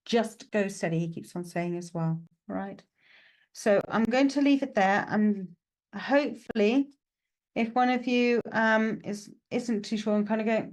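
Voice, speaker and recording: In a live psychic mediumship reading, a woman with a mid-range, slightly mellow voice speaks at a measured pace. She's chatty and reassuring, full of "okay" and "right," and keeps laughing at herself with self-mocking asides.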